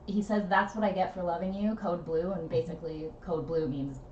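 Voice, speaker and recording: A woman co-hosting a casual talk stream, relaxed and quick to laugh. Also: lowish voice, a little hiss or hum. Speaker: co-host. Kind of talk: casual chat. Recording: distant, roomy, muffled mic.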